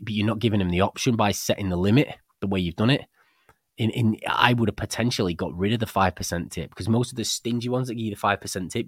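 A man's voice: fairly low pitch, no room sound, studio quality. A British man co-hosting a casual podcast chat. He rambles through anecdotes with many restarts and acts out the people in them. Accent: British English. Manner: rambling storyteller, many restarts and animated quoted dialogue. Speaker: podcast co-host. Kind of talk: casual chat about a book.

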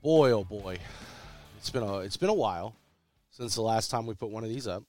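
A man's voice: on the low side, lively intonation, moderate pace, mellow, faint music behind. A man, hosting a casual sports podcast while sick, with a congested voice and a rambling way of repeating himself as he restarts. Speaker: podcast host.

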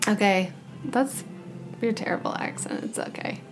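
A woman hosting a casual podcast, teasing her co-host in an animated way and laughing often. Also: medium pitch, normal speed, over music. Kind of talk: casual chat.

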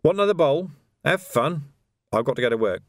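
Man narrating a weary watch sergeant, sarcastic, dry delivery, lively intonation. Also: on the high side, fairly quick, dry recording, pitched above the performer's own voice.

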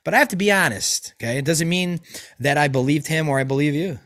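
A man's voice: a little high, fast, fairly bright tone. Give me a rambling, swearing male podcast host. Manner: profane, rambling storytelling with many restarts. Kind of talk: casual chat.

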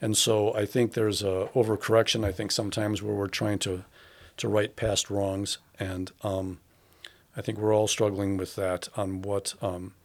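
A man speaks in a fairly low voice. He talks through ideas as he goes, with frequent fillers, pauses and restarts. This is a relaxed, conversational interview. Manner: thoughtful, halting, many fillers and restarts. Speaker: theatre artistic director.

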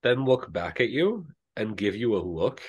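A man's voice: on the low side, sing-song, unhurried, husky. A man narrating as game master of a tabletop game, rambling with lots of fillers.

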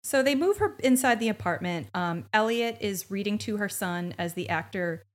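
A woman's voice: mid-range voice, lively intonation, moderate pace. A woman co-hosting a podcast, recapping a TV episode in casual chat with sarcastic, swearing asides. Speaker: podcast co-host.

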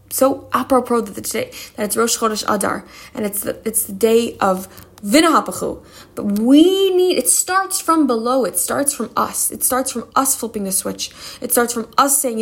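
A woman giving a spoken Torah lesson, passionate and emphatic, with sudden high bursts. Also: gravelly, a bit bright, breathy edge. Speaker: Torah class teacher.

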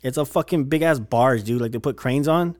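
A man's voice: medium pitch, a little fast, dry recording, clean studio sound. A young man telling a wild story in casual podcast chat, swearing constantly and acting out what people said. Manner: animated storyteller, heavy swearing, slangy.

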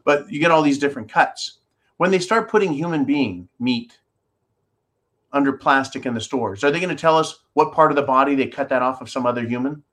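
A man's voice: medium pitch, a little fast, a bit bright. A man hosting a call-in style commentary show, reading out viewer comments and ranting sarcastically, swearing freely as he rambles. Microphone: holds objects up to a camera while talking.

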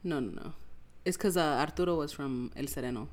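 A woman's voice: sits low, a little fast, darkish tone. A young woman, co-hosting a podcast in casual chat, laughing often and teasing. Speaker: podcast co-host.

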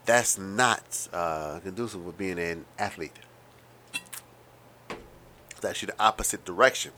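Fast-talking wry man, bright voice. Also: low voice, slight background noise. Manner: rambling, wry, with profanity and asides; self-described fast talker. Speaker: podcast host. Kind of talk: casual monologue.

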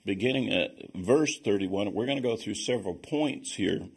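A man teaching on scripture as a Bible teacher, explaining in a measured way and reading passages aloud. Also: lowish voice, expressive, creaky, darkish tone, husky.

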